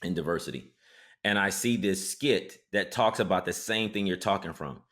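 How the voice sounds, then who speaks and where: Low-voiced male host, animated storytelling. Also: moderate pace. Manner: animated storyteller, tags his points with "right?". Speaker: podcast host, psychotherapist. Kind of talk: casual interview conversation.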